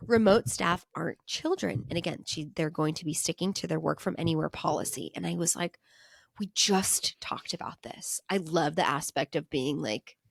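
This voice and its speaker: A woman's voice: sits low, fairly quick, vocal fry, hardly any pauses, breathy edge, no room sound, clean studio sound. A young woman co-hosting a podcast, chatting casually and enthusiastically with lots of fillers. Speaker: podcast co-host. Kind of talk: casual chat.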